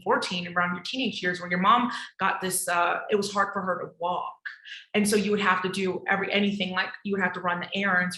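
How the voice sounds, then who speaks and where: A woman with a bright, forceful voice giving a past-life reading. She rambles and corrects herself as she speaks straight to the listener, and the room around her rings with echo. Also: medium pitch. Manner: rambling, self-correcting, addresses listener as "you". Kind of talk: intuitive reading. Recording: echoey room.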